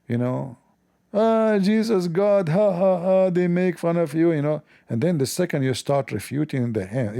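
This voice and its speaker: A man's voice: medium pitch, mellow. A man hosting a livestream who answers chat in a combative, sarcastic way, with non-native English grammar. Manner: mocking, sarcastic, confrontational. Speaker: livestream host.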